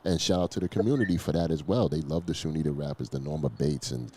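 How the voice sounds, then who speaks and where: A man's voice: a bass voice, quick pace, a little mellow, slightly rough. A man hosting a battle rap league, chatting casually and rambling, often stumbling over and repeating words. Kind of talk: casual interview chat.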